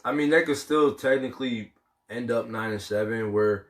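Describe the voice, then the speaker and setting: Male sports-talk co-host with a cold, measured and hedging delivery. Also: medium pitch. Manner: measured, hedging with fillers and "I mean". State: has a cold, sucking a throat lozenge.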